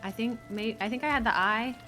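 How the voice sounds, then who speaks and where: A woman co-streaming a game, chatting casually in a soft-spoken, hesitant way that often trails off. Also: fairly high pitch, brisk, faint music behind. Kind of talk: casual gameplay chat.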